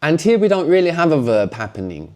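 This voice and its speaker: A man's voice: fairly high pitch, sing-song, fast talker, darkish tone. A man teaching a language lesson, explaining patiently and often closing points with a questioning "no?".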